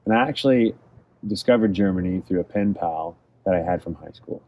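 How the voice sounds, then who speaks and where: The lo-fi recording carries slight background noise behind a man whose voice sits low and moves briskly. A Californian guest in a casual interview, he answers questions by telling travel stories in a reflective, excited way.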